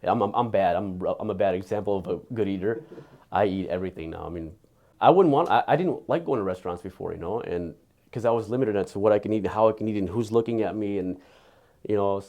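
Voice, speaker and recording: A man giving an earnest, candid patient testimonial, halting and often repeating his words. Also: lowish voice, dark tone.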